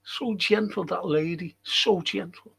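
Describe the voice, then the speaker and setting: Slow-talking gravelly man hosting a stream. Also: sits high, fairly bright tone. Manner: chatty and jokey, greeting viewers by name. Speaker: historian hosting a live stream. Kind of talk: casual live-stream chat.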